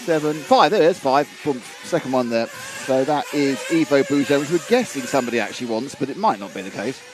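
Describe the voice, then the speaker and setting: A man's voice: medium pitch, very animated, quick pace, noisy background. Chatty male race commentator. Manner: chatty, reads out viewer comments.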